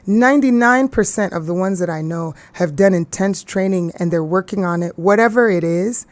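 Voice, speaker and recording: A woman's voice: fairly low pitch, normal speed, dry recording. A woman from Ghana, an actress, talking earnestly in an interview and laughing easily. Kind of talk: casual interview talk.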